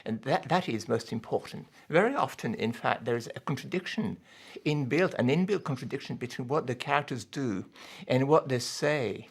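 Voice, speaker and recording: A man speaking as an academic guest in a radio interview, halting and thoughtful, with many repeated words. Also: mid-range voice, breathy edge.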